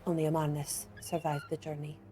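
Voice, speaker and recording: A woman voicing a formal, measured robed expert who wears a plague doctor mask. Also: low voice, monotone, dark tone, soft background music, natural voice.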